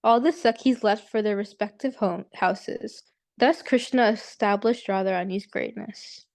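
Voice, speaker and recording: A woman's voice: mid-range voice, unhurried, gravelly, a little mellow, no room sound. A woman steadily reading a devotional story aloud to a group.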